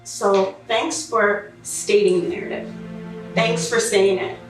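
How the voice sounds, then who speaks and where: A woman's voice: medium pitch, fairly even intonation, takes it slowly. A young woman speaking earnestly and reflectively as a guest in a casual group chat. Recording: roomy room from a distant mic, music behind.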